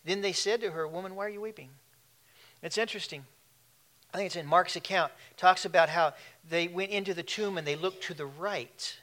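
A man's voice: high-pitched, a little fast, a bit bright. A man preaching a sermon in a conversational way, with asides and questions to the congregation. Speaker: pastor.

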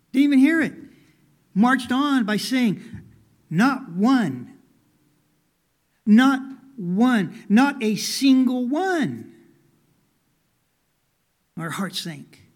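A pastor telling a story in his sermon, folksy and full of "you know", dropping to a hush and then rising with emphasis. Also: high voice. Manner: folksy, many "you know" fillers, swings from hushed to emphatic.

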